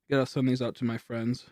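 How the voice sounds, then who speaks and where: A man's voice: medium pitch, warm tone, no room sound. Rambling young man streaming, dry close sound. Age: late 20s. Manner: rambling, laughing, loose and slowed. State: a little high. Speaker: livestreamer. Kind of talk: casual livestream chat reading donations. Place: home streaming setup. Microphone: high-end studio microphone.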